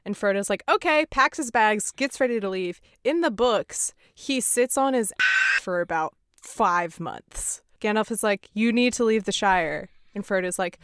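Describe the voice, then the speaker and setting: A woman hosting a podcast, chatting casually and laughing through quick asides while recapping a film. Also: medium pitch, a bit bright, clean tone, no room sound. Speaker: podcast host.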